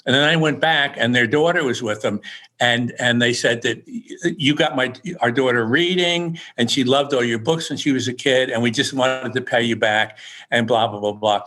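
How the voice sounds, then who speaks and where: A man's voice: mid-range voice, steady tone, moderate pace, bright, forceful tone. An older man, an author being interviewed, telling funny stories in a rambling, chuckling way with many restarts. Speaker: author guest. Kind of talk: casual anecdotal storytelling.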